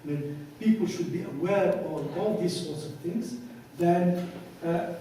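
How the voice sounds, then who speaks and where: A man's voice: high voice, a little slow, dark tone, distant mic, slight background noise. Man lecturing in a big echoey hall. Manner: storytelling, acts out both sides of dialogues. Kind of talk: conference lecture with anecdotes.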